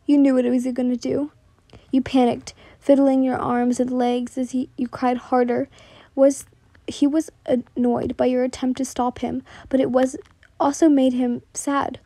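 A young woman reading a second-person fan fiction story aloud in a soft voice that often drops to a whisper, stumbling and restarting lines. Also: high-pitched, flat delivery, a little slow, no room sound. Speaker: story narrator.

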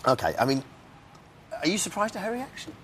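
A man's voice: high voice, wildly swooping pitch, a little fast, a bit bright, slight background noise. A man hosting a chat show, chatty, eager and teasing with his guests. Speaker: host.

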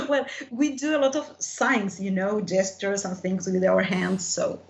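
A woman's voice: mid-range voice, slow pace, gravelly, reverberant, a little hiss or hum. A middle-aged woman, a marketing consultant, answering interview questions in a hesitant way with many fillers and easy laughs.

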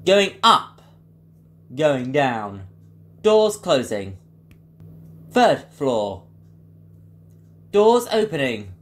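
A man doing an impression of a newer automated lift announcer, pitching his voice up for crisp, mechanical calls. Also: very animated, extremely slow, pauses often. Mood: bright announcing.

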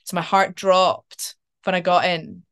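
An actress chatting as a podcast guest, animated and storytelling, with casual swearing. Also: female voice, fairly low pitch, measured pace, clean tone. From Scotland. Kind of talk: casual interview chat.

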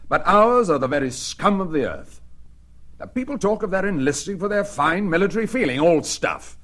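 An actor playing the Duke of Wellington, a stern, aristocratic British commander who speaks crisply and with dry scorn, in a 1960s documentary radio drama. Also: male voice, high voice, lively intonation, normal speed, a bit bright. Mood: scornful.

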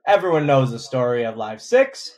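A man hosting a casual chat podcast, halting and self-mocking as he talks. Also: medium pitch, big pitch swings, a little mellow. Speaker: podcast host.

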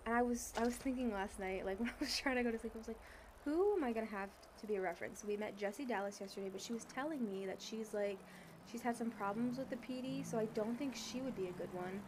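A woman's voice: on the high side, fast, a little mellow, a little hiss or hum. A woman streamer chatting casually and rambling in an upbeat way during game role-play.

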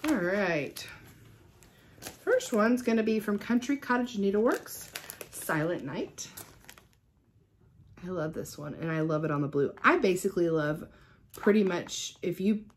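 A middle-aged woman vlogging at home in a casual unboxing chat, gushing and excitable. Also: mid-range voice, measured pace, pauses often, slight background noise. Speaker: stitching vlogger. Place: at home with a cat.

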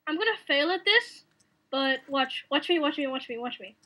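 A young woman's high, bright voice, chatting casually as she plays alongside a friend. She giggles often and calls out whenever she fails. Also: expressive, moderate pace. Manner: giggly, exclaims at failures. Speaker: co-player. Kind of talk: casual gameplay chat.

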